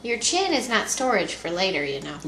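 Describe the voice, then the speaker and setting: A mother softly coaxing her baby through a feeding, speaking in gentle baby talk on a home video. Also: mid-range voice, slight background noise. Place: room at home. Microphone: home video camera. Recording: echoey home video room.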